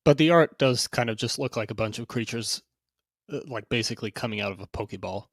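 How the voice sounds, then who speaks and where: A man's voice: medium pitch, brisk, a bit bright, no room sound, clean studio sound. A man co-hosting a casual card game review podcast, speaking hesitantly and hedging his opinions. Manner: hesitant, hedging, laughs often. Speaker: podcast co-host.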